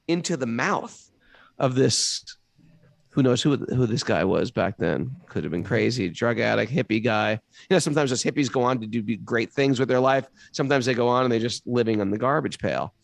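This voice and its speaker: A man's voice: mid-range voice, creaky, dry recording. A middle-aged man from New York with a New York accent, telling stories in a casual, colorful way, swearing lightly and acting out the quotes. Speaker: guest storyteller. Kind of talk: casual anecdotal storytelling.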